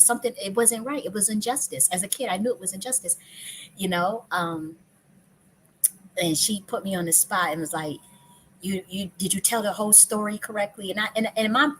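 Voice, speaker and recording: A woman's voice: mid-range voice, a bit bright, a little hiss or hum. Woman telling a heated personal story. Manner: emotional, profane, frequent restarts and repetitions. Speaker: live stream host.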